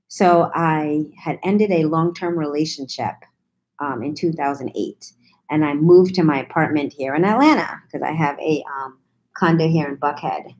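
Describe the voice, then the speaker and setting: A woman telling a story in a casual, sassy chat to her viewers, teasing them and swearing freely as she answers their comments. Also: fairly low pitch. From New York, USA. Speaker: vlogger talking to viewers.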